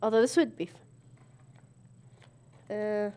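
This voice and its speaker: A woman's voice: medium pitch, fairly even intonation, slow pace, dark tone, clear, resonant tone. A young adult woman co-hosting a casual chat over a party game, giggling and laughing often. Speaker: co-host.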